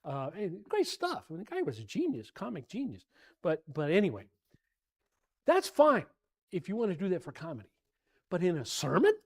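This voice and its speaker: A man teaching an informal Bible class in a church, rambling and animated, often repeating himself and sounding exasperated. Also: high-pitched, moderate pace, pauses often.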